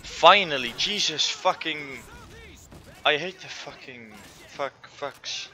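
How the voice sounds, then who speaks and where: Slow, lively, very bright-voiced swearing gamer man. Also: fairly high pitch. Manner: frustrated, constant swearing. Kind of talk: let's play commentary.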